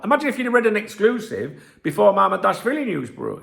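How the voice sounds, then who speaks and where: A man's voice: high-pitched, very animated, fast, vocal fry, few pauses, a bit bright, echoey room. A man hosting a football channel, reading news aloud and mocking it in a sweary, sarcastic rant. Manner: mocking, sweary, reads articles aloud and rants. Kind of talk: sarcastic solo commentary.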